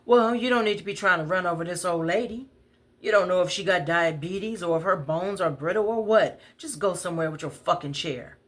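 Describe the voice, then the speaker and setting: A woman voicing a bold, protective woman in her forties who talks back loudly and curses. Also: sits low, natural voice. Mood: fierce. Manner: loud, brash, cursing, fast.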